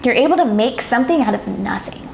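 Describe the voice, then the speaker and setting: A woman's voice: a little high, lively intonation, fast, creaky, echoey room, a little hiss or hum. Emotional woman giving a tarot reading. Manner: soft, emotional, gets teary and laughs. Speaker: tarot reader. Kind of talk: pick-a-card tarot reading to camera.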